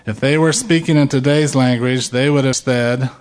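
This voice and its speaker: A middle-aged man preaching a sermon, slow and emphatic, rising loud when he quotes a shout. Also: mid-range voice, fairly even intonation. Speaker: pastor.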